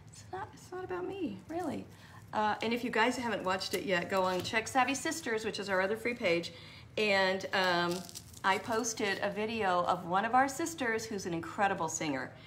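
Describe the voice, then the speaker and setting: A woman's voice: mid-range voice, a bit bright, slight background noise. A woman hosting a live craft tutorial, chatting and rambling as she answers viewers by name.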